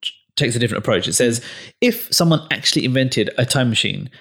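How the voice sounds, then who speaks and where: A man's voice: medium pitch, expressive, fast talker, gravelly, fairly bright tone, husky. A man hosting a casual podcast chat, giving opinionated takes with sarcastic asides and lots of ums. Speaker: podcast host.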